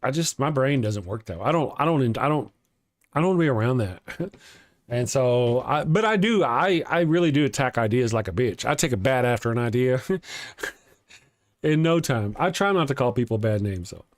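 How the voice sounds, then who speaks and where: A man's voice: medium pitch, expressive, moderate pace, no room sound, clean studio sound. A man with a Texas accent hosting a casual atheist morning livestream. He rambles, chuckles often and restarts his sentences while reading viewer comments.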